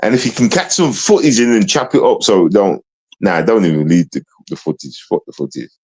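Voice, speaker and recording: A man's voice: fairly low pitch, expressive, fairly quick, a little mellow, breathy edge, low-quality recording. A man hosting a livestream, ranting in a casual, confrontational way and repeating himself. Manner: confrontational, repetitive, slangy, restarts often. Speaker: livestream host.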